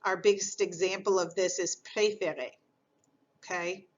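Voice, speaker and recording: A French teacher gives a recorded grammar lesson, explaining patiently and circling back to repeat key points. Her voice is middle-pitched and a bit bright at a moderate pace, and the recording sounds a little dull and lo-fi.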